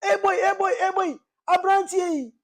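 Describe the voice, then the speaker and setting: A shrill scolding Ghanaian auntie. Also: female voice, steady tone, normal speed. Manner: shrill, bossy, hollering.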